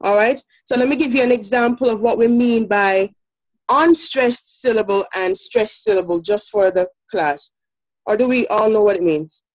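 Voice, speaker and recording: A woman's voice: a little high, very animated, normal speed, vocal fry. A woman with a Jamaican accent presenting a poetry lesson, explaining step by step with many fillers. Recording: dull lo-fi sound.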